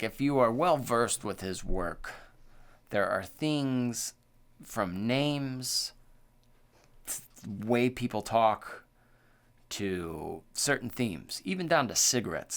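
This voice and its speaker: A man co-hosting a horror podcast, talking in a loose, profane, excitable way and filling his speech with "like" and "dude.". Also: fairly low pitch, vocal fry. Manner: animated, profane, full of "like" and "dude". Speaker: podcast co-host. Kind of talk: casual chat.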